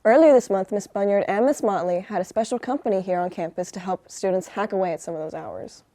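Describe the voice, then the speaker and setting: Fast-talking teen girl news anchor. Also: medium pitch, warm tone. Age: teenager. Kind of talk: scripted school news reading.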